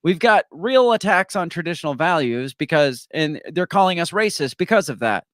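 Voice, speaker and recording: Brief: man, fairly high voice, animated and mocking, dry close sound, hosting a live stream chat. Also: normal speed, no room sound. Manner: animated, mocking, mimics others in put-on voices. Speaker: host. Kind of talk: casual political chat.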